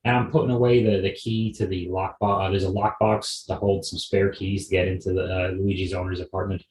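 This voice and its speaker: Man, lowish voice, rambling comedy podcast chat, wry, echoey room. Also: little pitch movement, brisk, a little mellow. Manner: rambling, digressive, with frequent restarts; wry and offhand. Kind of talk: casual solo podcast monologue. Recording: roomy echo.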